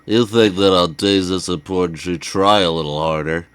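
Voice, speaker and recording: A man's voice: low-pitched, normal speed, clean tone, no room sound, close to an everyday voice. A man reading a teenage boy's inner narration from a game in an easygoing, plain voice. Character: ordinary teenage boy narrating his day.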